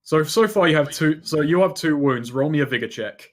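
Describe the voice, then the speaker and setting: A man's voice: a little high, expressive, brisk. Casual male game master, rambling, narrates a tabletop session.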